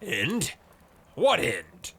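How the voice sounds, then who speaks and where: A man's voice: sits high, huge pitch swings, drawn-out words, vocal fry, a bit bright, breathy edge, voice pushed up, exaggerated voice. A man voicing a boisterous male sea colonel who talks with roaring passion. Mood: impassioned. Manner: roaring, impassioned.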